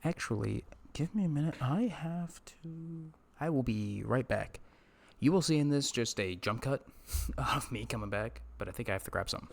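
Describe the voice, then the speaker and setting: A man's voice: mid-range voice, lively intonation, moderate pace, gravelly. A man hosting a solo esports podcast, ranting profanely in a casual way and greeting his live chat. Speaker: podcast host. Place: indoors at a streaming setup.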